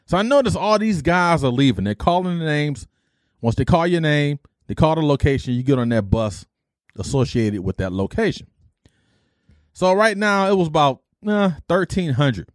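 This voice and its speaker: A man's voice: on the high side, normal speed, no room sound, studio quality. A middle-aged man from Detroit, an army veteran, casually telling his life story and acting out the dialogue. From Detroit, USA. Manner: animated retelling, acts out dialogue, mild cursing substitutes.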